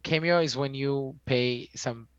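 A man co-hosting a podcast, ranting in an animated, exasperated way in casual chat. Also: mid-range voice, a little slow, clear, resonant tone, no echo, lo-fi sound. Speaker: podcast co-host.

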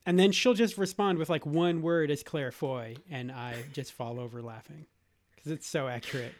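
A man's voice: fairly high pitch, moderate pace. A man, a father, chatting casually on a video call and telling stories playfully.

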